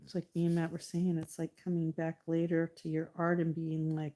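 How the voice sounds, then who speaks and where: A woman's voice: low voice, monotone, a little fast, few pauses, warm tone. A middle-aged woman chatting casually while she paints live, talking to her painting and thanking viewers. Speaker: artist livestreaming.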